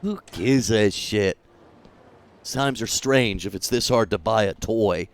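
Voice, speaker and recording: A man voicing a stoic, gruff brawler as he reads game dialogue aloud in a low, clipped, deadpan way. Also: slow pace.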